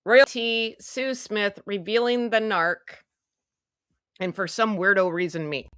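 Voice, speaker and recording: A woman's voice: mid-range voice, slow pace, a bit bright, clean tone, dry recording, clean studio sound. A woman hosting a casual livestream, chatty and self-mocking, muttering to herself as she goes. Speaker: livestream host.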